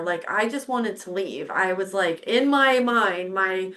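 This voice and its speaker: A woman's voice: mid-range voice, expressive, measured pace, a bit bright. A middle-aged woman hosting a podcast, telling a personal story in casual chat, candid and swearing freely as she acts out her own past reactions. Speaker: podcast host.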